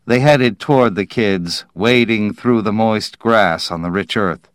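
Male audiobook narrator, low voice, deliberate pacing. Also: dry recording, studio quality. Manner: measured, deliberate reading.

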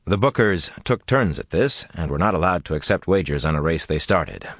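A man narrating a fantasy audiobook with expressive, dramatic delivery. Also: low voice, a little fast, dry recording, clean studio sound.

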